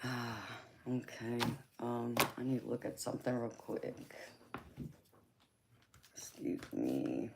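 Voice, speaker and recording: A woman with a Southern US twang, softly chatting with her livestream viewers and calling them honey and baby. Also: extremely low pitch, monotone, a little slow, background noise. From California. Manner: soft-spoken, affectionate, calls viewers honey and baby. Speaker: livestream host and tarot reader. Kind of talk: casual live chat with viewers.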